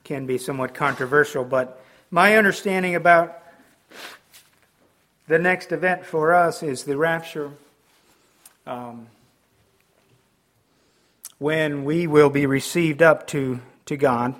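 A middle-aged man preaching a sermon, pausing often with ums and restarts as he explains scripture. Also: fairly high pitch, fairly bright tone. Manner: halting, with frequent ums and restarts. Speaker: pastor.

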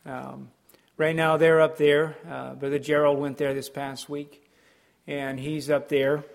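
A middle-aged male pastor gives a sermon in a voice pitched slightly above average for a man. He speaks haltingly, with many ums and restarts. His delivery is earnest and explanatory. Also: level tone, gravelly.

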